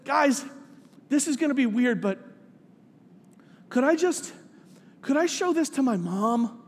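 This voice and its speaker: A man voicing an overwhelmed, tearful young woman who speaks haltingly and repeats her words. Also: very high voice, animated, slightly rough, in a large hall, exaggerated voice.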